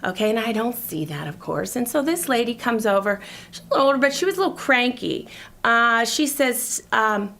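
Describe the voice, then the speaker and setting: A woman's voice: fairly high pitch, animated, normal speed, gravelly, sharp tone. A woman in her thirties hosting a talk show, telling a confessional story to a studio audience in a chatty way. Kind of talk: comedic monologue to a studio audience.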